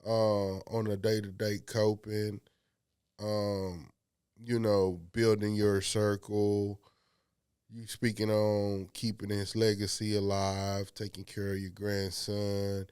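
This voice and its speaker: A man's voice: on the low side, completely flat delivery, slow, darkish tone, clean tone, no echo, studio quality. A man co-hosting a casual interview, talking loosely with many fillers. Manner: loose, filler-heavy phrasing.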